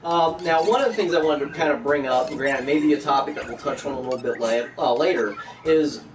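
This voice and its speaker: A man's voice: medium pitch, brisk, reverberant, crowd noise. A man hosting a podcast, chatting casually and joking at his own expense. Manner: joking, chatty, self-deprecating. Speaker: podcast host. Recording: distant mic with background noise.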